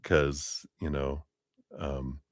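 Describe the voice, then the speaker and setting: A man's voice: extremely low pitch, flat delivery, drawn-out words, no room sound, clean studio sound. A man giving a live-streamed tarot reading to a viewer, chatty and rambling, who acts out the voices of the people he quotes. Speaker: tarot reader.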